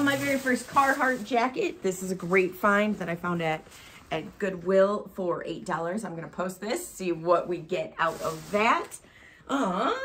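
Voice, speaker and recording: A woman's voice: medium pitch, a bit bright. A middle-aged woman, chatting casually with lots of fillers as she shows off her thrift finds on a phone camera. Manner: chatty, giggly, with many fillers. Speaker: vlogger showing reseller finds. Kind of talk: casual chat. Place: car and stores, on the go. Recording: phone video with clear background noise.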